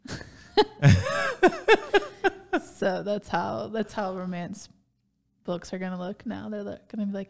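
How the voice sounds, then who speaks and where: A woman's voice: medium pitch, sing-song, takes it slowly, vocal fry, pauses often, a little mellow. A young woman co-hosting a podcast in casual chat, playful and giggly, laughing often. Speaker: podcast co-host.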